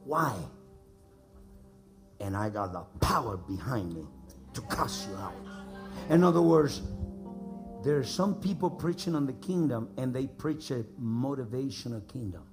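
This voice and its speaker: A man from the United States preaching a sermon to a congregation, emphatic and repeating lines for them to echo back, building to shouts. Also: medium pitch, expressive, measured pace, pauses often, music in the background. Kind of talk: sermon with call-and-response. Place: church service before a congregation.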